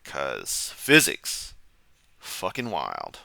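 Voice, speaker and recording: A man's voice: very deep voice, wildly swooping pitch, drawn-out words, creaky, sharp tone, no echo. A man hosting a comedic reaction commentary, sarcastic, mocking and profane. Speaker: commentary channel host.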